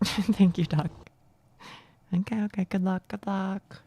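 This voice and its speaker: A woman streamer with a gruff, gravelly voice chatting casually while gaming, rambling and cutting herself off. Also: mid-range voice, steady tone, measured pace, warm tone. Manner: rambling, self-interrupting, laughs often.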